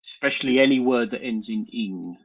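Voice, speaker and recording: A man's voice: medium pitch, brisk, highs cut off. A man hosting a casual group chat on a live stream, rambling and blunt, often restarting his sentences. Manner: rambling, self-interrupting, blunt. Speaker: show host.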